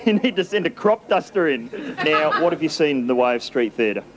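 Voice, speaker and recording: A man's voice: fairly high pitch, expressive, fairly quick. A man in a put-on Scottish accent, giving a dry, mocking comic field report with many hesitations. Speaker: comedy reporter. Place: busy city street outdoors. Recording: loud street noise.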